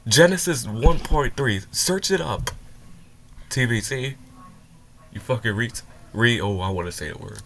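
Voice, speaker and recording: Young male reaction host, heated and stumbling, mid-pitched, faint hiss under the voice. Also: expressive, unhurried, creaky, a bit bright. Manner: heated, swearing, rants and stumbles over words. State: sounds upset after crying. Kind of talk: reaction commentary.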